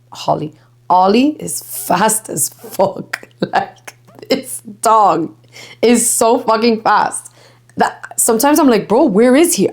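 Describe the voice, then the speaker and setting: Chatty, laughing young woman host. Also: mid-range voice. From Miami. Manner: chatty, swears freely, laughs often, mixes Spanish. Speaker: podcast host. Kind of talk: casual chat.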